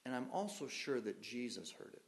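A male pastor preaching a sermon, putting questions to the congregation and swinging from loud emphasis to quiet, soft phrases. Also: medium pitch, sing-song, a little fast.

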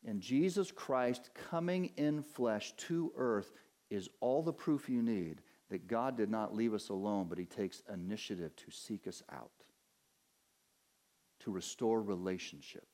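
A pastor preaches a sermon with a warm tone, putting questions to his listeners and then answering them. He's earnest, drawing out and slowing on key words, and his voice climbs higher and stronger as he drives each point home.

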